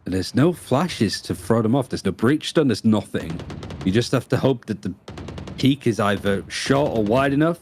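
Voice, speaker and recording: A man with a Yorkshire accent calls a live esports match, his pitch bouncing up and down as he talks. He sits at a mid-range pitch and rattles through the play-by-play in quick, chatty bursts. Faint noise sits under his voice. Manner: quick, animated, chatty with a co-caster. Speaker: esports caster.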